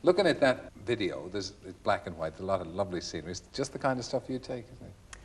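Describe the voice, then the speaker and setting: A man's voice: low voice, sing-song, fast, breathy edge. A man hosting a television chat show, interviewing guests with wry, teasing banter. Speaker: talk show host. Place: television studio. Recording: studio reverb with audience.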